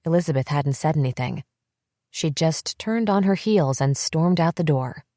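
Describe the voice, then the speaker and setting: A woman reading a first-person psychological thriller audiobook in a tense, measured way on a close mic. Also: low-pitched, animated, dark tone, no echo. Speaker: audiobook narrator.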